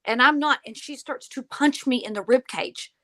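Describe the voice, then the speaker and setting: A woman guest telling a story in conversation, animated, acting out the lines of the people in it. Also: high-pitched, normal speed. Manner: animated, acts out quoted dialogue. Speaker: podcast guest, paranormal investigator.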